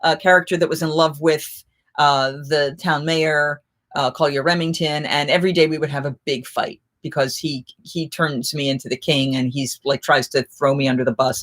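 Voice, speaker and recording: A middle-aged woman, a festival performer, hosting a live chat and telling lively anecdotes in a casual way, often getting suddenly louder. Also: low voice. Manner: animated, with sudden jumps in loudness.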